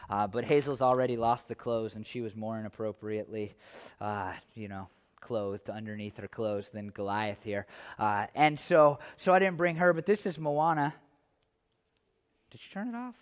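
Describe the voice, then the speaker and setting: A male pastor preaching a sermon in a church, chatty and self-deprecating, then building to loud, impassioned stretches. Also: mid-range voice, long reverb tail. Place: church sanctuary.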